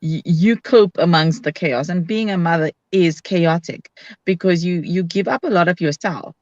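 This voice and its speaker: A woman's voice: fairly low pitch, moderate pace, a little mellow, no echo. A woman hosting a casual live video chat, talking in a frank, upbeat way and acting out her own quotes. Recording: dull, dry lo-fi sound.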